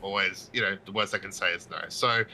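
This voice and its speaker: Man, podcast guest, very bright tense voice, animated storytelling, faint background noise. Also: low voice, low-quality recording. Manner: animated, fast storyteller with many restarts. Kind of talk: casual storytelling chat.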